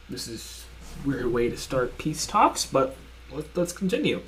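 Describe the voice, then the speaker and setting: A young man hosts a reaction commentary video, arguing point by point with sarcasm, repeating himself and restarting his sentences. His mid-range voice is very animated and a bit bright, delivered at a measured pace.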